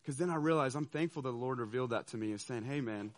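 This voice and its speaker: A man telling a personal story to an audience, animated and laughing, often checking in with listeners. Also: mid-range voice, rapid-fire. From southeastern United States. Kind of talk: storytelling talk.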